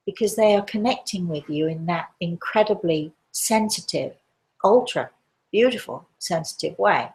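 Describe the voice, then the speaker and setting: Gentle gravelly-voiced woman medium. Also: fairly low pitch. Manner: gentle, reassuring, calls listeners darling. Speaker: medium hosting a call-in show. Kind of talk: live show reading listener questions.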